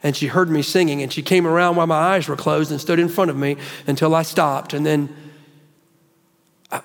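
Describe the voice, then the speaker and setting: High-voiced pastor in an echoing hall. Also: male voice, steady tone, a little fast. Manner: earnest, emotional storyteller. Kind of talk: sermon with personal storytelling. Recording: long hall reverb.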